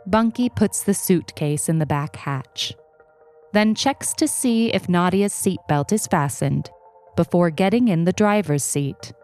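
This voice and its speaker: A woman narrating a short story in an unhurried, even storytelling manner. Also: lowish voice, soft background music. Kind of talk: audiobook reading.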